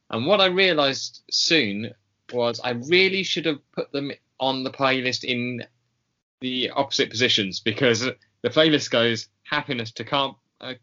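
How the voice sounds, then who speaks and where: A man co-hosting a podcast in casual chat, slow and hesitant with many ums and pauses. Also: medium pitch, pushed and bright, lo-fi sound. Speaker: podcast co-host.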